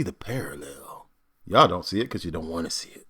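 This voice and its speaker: An American actor reacting to accent clips with animated, joking comments and laughter. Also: male voice, deep voice, a little fast, husky. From United States.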